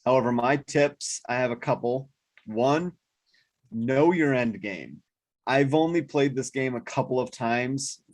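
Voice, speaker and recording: Tired man explaining game tips. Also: mid-range voice. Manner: steady, explanatory, tired from little sleep. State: sleepy, yawning. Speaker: board game group member. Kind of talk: casual group discussion.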